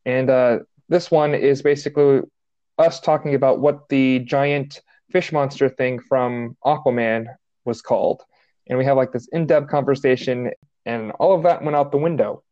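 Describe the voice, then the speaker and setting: A man's voice: mid-range voice, steady tone, normal speed, dark tone, highs cut off. A man co-hosting a casual podcast, rambling along with lots of "like.". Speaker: podcast co-host.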